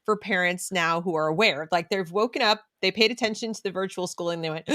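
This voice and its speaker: Middle-aged woman on a podcast, kinda low voice, chatty and animated. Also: a little fast. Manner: animated, acts out quotes of her kids. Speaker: podcast co-host. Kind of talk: casual conversation.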